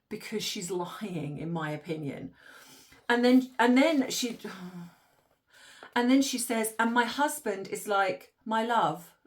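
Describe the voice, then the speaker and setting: A woman in her forties talks straight through an opinionated commentary monologue. Her voice sits a little higher than most, and she sounds more and more exasperated, breaking into laughs of disbelief as she rants. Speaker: commentary channel host.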